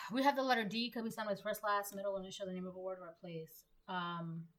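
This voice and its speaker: A woman's voice: medium pitch, steady tone, a little fast. A young woman giving a casual collective tarot reading, emphatic and repetitive, full of "like". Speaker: tarot reader.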